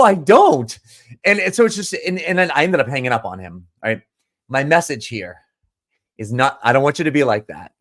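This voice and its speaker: A man's voice: mid-range voice, a bit bright. A man who coaches business owners, telling a story in a casual monologue, earnest and emphatic, often restarting and repeating words.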